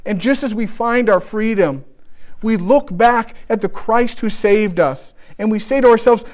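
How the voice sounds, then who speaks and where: High-voiced man preaching a sermon. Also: darkish tone. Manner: storytelling with restarts, slowing for emphasis.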